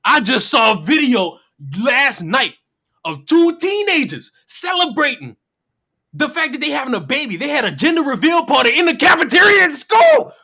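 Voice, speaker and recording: Streamer on a profane rant, bright tone, pitch swinging widely, mocks with rhetorical questions. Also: big pitch swings, moderate pace. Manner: mimics people in silly voices. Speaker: livestreamer. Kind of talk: heated livestream commentary rant.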